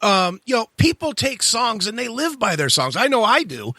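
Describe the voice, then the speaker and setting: A man's voice: extremely high pitch, very animated, normal speed, bright, forceful tone, no room sound. A man hosting a radio show interview, talking in an effusive, admiring way.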